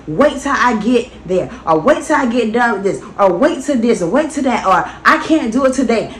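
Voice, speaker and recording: A woman's voice: a little high, a bit bright. A woman vlogger sharing a motivational personal testimony in an earnest, preachy storytelling manner. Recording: echoey room, faint background noise.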